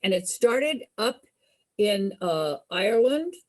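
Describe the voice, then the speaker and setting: A woman's voice: medium pitch, big pitch swings, slow pace. A woman leading a group sing-along over a video call, cheerful and giving simple step-by-step directions.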